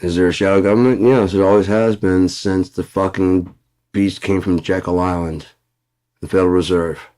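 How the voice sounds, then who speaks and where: A man's voice: low-pitched, steady tone, normal speed, warm tone. A man in a blunt, profane ranting monologue for his vlog. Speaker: vlogger.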